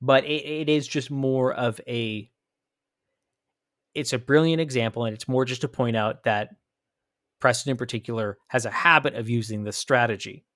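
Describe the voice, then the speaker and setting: A man from the Pacific Northwest, hosting a podcast and commenting on a played clip in an animated, emphatic way with frequent restarts. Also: medium pitch, normal speed, no room sound, clean studio sound. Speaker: podcast host.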